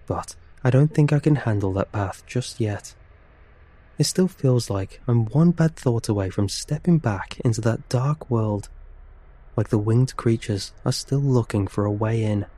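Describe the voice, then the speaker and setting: A man narrating a horror story for a podcast in a slow, hushed and tense way. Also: mid-range voice, dry recording.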